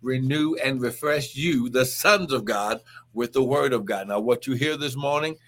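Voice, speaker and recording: Fervent, bright-voiced male preacher. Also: medium pitch, moderate pace. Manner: fervent, with shouted exclamations and speaking in tongues. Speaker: pastor and prophet. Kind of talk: live morning prayer and preaching.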